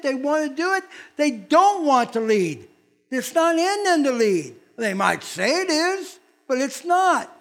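An older man, a pastor, preaching a sermon in a folksy, blunt manner and acting out quoted voices. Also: very high-pitched.

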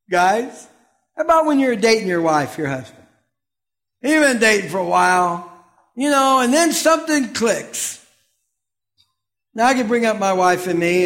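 A middle-aged pastor preaches a sermon in a high, bright-toned voice, talking conversationally and asking his listeners questions. He swings between loud exclamations and hushed asides.

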